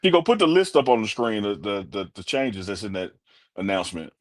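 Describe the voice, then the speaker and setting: A man's voice: lowish voice, big pitch swings, brisk, no room sound, clean studio sound. A man co-hosting a casual sports talk show, laid-back and teasing his co-hosts. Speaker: co-host.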